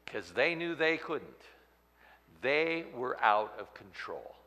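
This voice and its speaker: A man preaching a sermon, swinging from loud outbursts to hushed, near-whispered lines. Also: mid-range voice, big pitch swings, takes it slowly, in a large hall. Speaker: pastor.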